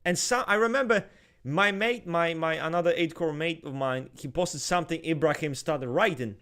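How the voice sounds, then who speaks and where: A married man co-hosting a podcast, talking loudly and swearing a lot as he rants in casual chat. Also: on the high side, normal speed. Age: adult, married. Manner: loud, swears a lot, animated ranting. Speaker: podcast co-host.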